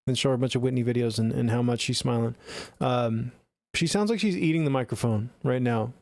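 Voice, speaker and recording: A man's voice: mid-range voice, brisk, creaky, darkish tone, no room sound. A man streaming live, giving blunt, profane, chatty feedback on listeners' songs into a close studio mic. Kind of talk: casual live-stream critique.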